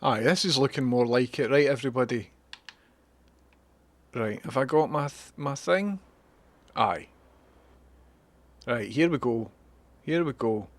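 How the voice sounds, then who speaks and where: A man's voice: medium pitch, a little slow, pauses often. A Scottish man chatting and swearing his way through a live gameplay stream, talking to viewers as he plays.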